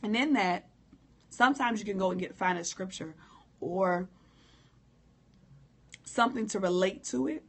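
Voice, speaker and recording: A hoarse woman who coughs now and then, giving a candid, informal live-stream talk on prayer and speaking straight to her viewers. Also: mid-range voice, a little slow, long pauses, fairly bright tone. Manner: candid, informal, preacherly direct address. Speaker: motivational speaker.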